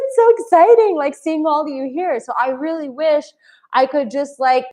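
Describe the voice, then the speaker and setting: A woman in her late thirties, a dating coach talking in a live stream, blunt and effusive as she reads viewers' comments aloud. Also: medium pitch. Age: 30s. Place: home in Bali.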